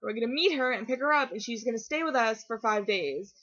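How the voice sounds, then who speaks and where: A teenage girl chatting casually to her camera at home, rambling and excitable, full of fillers and restarts. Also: on the high side, fairly quick. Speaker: vlogger. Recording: dull lo-fi webcam audio.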